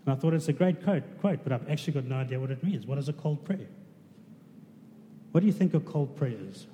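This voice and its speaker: A man's voice: mid-range voice, lively intonation, quick pace, dark tone, highs cut off. A man preaching a conversational sermon, asking his congregation questions. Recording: reverberant hall with faint noise.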